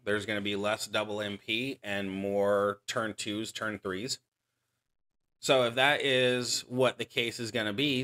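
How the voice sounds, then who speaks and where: Male gaming host, lowish voice with a bright, pushy tone, casual strategy commentary that corrects itself as it goes. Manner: explanatory, strategy-focused, self-correcting.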